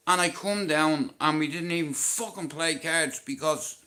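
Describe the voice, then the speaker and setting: A man's voice: a little high, bright, forceful tone. An Irish man in his late forties, rambling and swearing as he tells jokey stories on a live stream. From Ireland. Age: 40s. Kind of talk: casual live stream rant.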